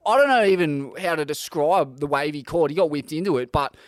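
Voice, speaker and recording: Wry Australian man, higher voice. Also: fairly quick, dry recording. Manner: blunt, wry banter with frequent swearing. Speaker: podcast co-host. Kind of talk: casual chat.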